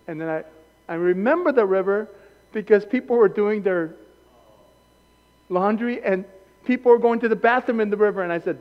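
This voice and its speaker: Man preaching, high voice, muffled sound, long church echo, quiet to shouting. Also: normal speed. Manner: swings from quiet storytelling to shouted passion. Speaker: pastor. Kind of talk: sermon. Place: church hall.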